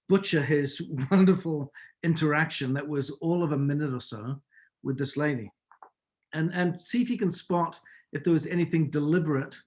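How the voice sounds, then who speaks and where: A man with a somewhat high-pitched voice leads a mentoring call. He tells stories in a relaxed, conversational way and often stops to ask his listeners questions. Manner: conversational storyteller, asks listeners rhetorical questions. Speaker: business mentor. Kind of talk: mentoring talk with anecdotes. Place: video or conference call.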